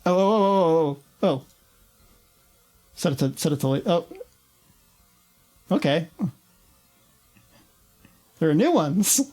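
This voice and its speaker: Young new york lady streaming, super animated voice, laughs a lot, swears casual. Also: low voice, slow, long pauses, faint music behind. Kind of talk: casual livestream commentary.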